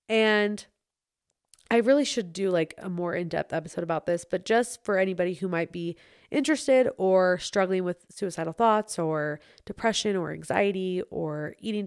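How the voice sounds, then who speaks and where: A young woman chats through a solo podcast, loose and filler-heavy, with a gravelly fry under her mid-range voice. When listener stories turn heavy, she slows and consoles softly. The sound is dry and close, with no room around her. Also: mid-range voice, dry recording. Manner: casual and chatty, many likes and ums; soft and consoling when serious. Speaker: podcast host. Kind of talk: solo podcast chat answering listener messages.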